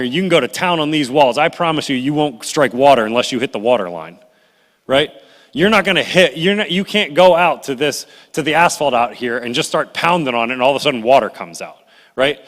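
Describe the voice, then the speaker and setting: A middle-aged man delivers a conversational sermon with a bright, ringing voice. He tells the story in an animated way, slipping into complaining voices. His words hang in the long reverb of a church hall. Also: fairly high pitch. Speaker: pastor. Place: church sanctuary.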